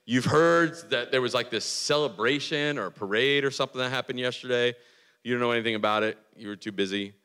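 A man giving a relaxed, storytelling sermon, full of quick restarts and "like"s as he gets carried away. His voice is bright and forward, at a middle pitch for a man. A long church-hall reverb trails after each phrase. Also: smooth. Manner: excitable, restarts and "like" fillers, storytelling. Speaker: pastor. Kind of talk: casual conversational sermon.

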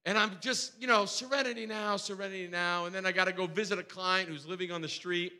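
A man preaching a sermon, telling a lively personal story with asides and restarts before moving into a Bible reading. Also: high-pitched, fast talker. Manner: animated storytelling, restarts and asides, acts out quotes. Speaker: pastor and homeless outreach worker.

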